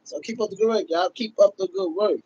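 A man from Dallas, hosting a casual livestream and hyping up his viewers with repeated shout-outs. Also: high-pitched, a little fast, husky, dry recording. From Dallas, Texas. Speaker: livestream host. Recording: dull, lo-fi stream audio.

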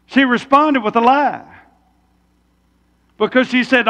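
A man's voice: high-pitched, very animated, a little slow, pauses often, bright, forceful tone, highs cut off. A man preaching a sermon, folksy, throwing rhetorical questions at the congregation. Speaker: pastor. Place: church sanctuary. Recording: long church reverb.

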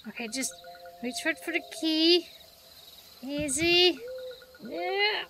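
A woman's voice: very high-pitched, takes it slowly, bright, forceful tone, soft background music. A woman streamer reading a game's dialogue aloud with playful reactions. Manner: reads lines with playful reactions.

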